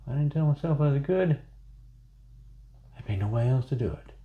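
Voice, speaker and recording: A man's voice: medium pitch, animated, brisk, phone-quality sound. A man chatting casually through a painting tutorial, rambling into self-joking asides as he works. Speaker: painting instructor.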